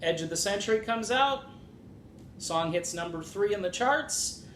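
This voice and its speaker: A man with a fairly high voice hosts a music commentary video. He speaks casually and with strong opinions, and he adds sarcastic asides. The room sounds echoey and a faint rumble runs underneath. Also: animated, measured pace, fairly bright tone. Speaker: music commentary channel host.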